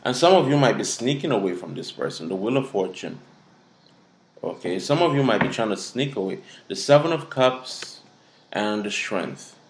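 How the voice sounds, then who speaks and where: A man's voice: on the low side, animated, moderate pace, a little hiss or hum. A man from Africa giving a casual tarot reading to camera, blunt and profane as he scolds the viewer. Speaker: tarot reader. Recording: echoey room.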